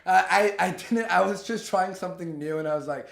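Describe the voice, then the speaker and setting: Young man, heated storytime rant, heavy swearing, high voice, echoey room. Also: brisk, gravelly. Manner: heated, profane, animated retelling with quoted dialogue. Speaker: vlogger telling a story. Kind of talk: ranting storytime.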